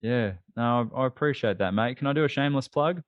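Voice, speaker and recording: A man with an Australian accent, a podcast guest talking in a casual interview in an animated, emphatic and self-deprecating way. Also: medium pitch, fast, no room sound, highs cut off.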